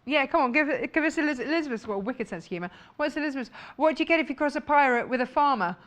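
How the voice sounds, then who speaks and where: A woman's voice: high-pitched, expressive, rapid-fire, a bit bright. Bubbly woman presenting fabric on live shopping TV. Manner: bubbly, laughs often, jokey asides. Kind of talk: live sales presentation, chatty.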